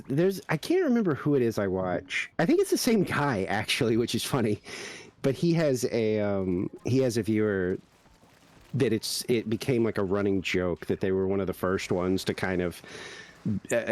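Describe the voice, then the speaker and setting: A man's voice: on the low side, very animated, moderate pace, darkish tone. A man streaming a game, chatting casually and telling rambling anecdotes full of fillers. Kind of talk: casual chat while gaming.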